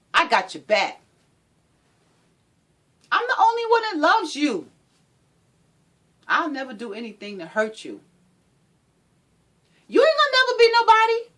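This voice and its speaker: A controlling abusive man, his voice pitched high and pushed loud, presses and repeats himself, sweet one moment and menacing the next, as a woman plays him. The voice jumps around a lot in pitch. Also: heavily acted. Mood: domineering. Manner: pleading then shouting, repetitive. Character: controlling abusive male partner, sweet-talking then menacing.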